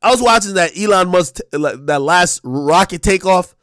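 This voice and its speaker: A man hosting a livestream, delivering a loud, profane comedic rant with shouted bursts. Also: sits high, expressive, normal speed, no room sound, clean studio sound. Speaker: streamer and show host.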